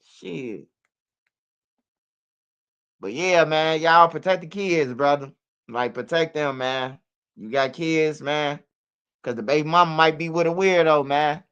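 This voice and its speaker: Male street-news commentator: slangy and profane, rambling, fairly high and smooth. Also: takes it slowly, pauses often, a bit bright, lo-fi sound.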